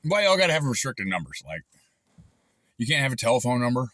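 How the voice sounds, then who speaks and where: A man's voice: mid-range voice, sing-song, fast talker, a bit bright, no echo. A man telling a long, frustrated story in a rambling, casual way with lots of fillers and restarts. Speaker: channel host recounting a dispute.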